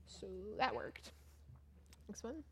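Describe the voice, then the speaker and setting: A young American woman, a volunteer teacher, whispers slowly as she shares casual stories about her class over photos. She's chatty, peppering her talk with "like" and "um," and acts out what other people said.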